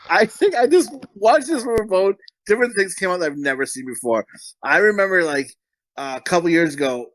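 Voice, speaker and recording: A man's voice: mid-range voice, a bit bright, dry recording. A man hosting a casual movie-review podcast, rambling, swearing freely and laughing often. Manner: profane, rambling and quick to laugh. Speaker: podcast host.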